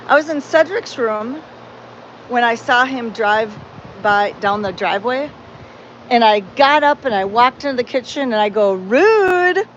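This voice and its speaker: A woman hosting a live stream about her cat sanctuary, rambling and heartfelt, greeting viewers by name. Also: a little high. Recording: dull lo-fi sound with faint background noise.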